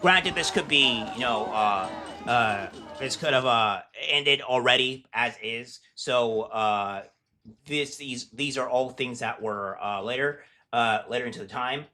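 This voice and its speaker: Bright-voiced man giving scornful commentary. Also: medium pitch. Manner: scornful, mocking, halting with fillers. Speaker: commentary host. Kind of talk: casual political commentary.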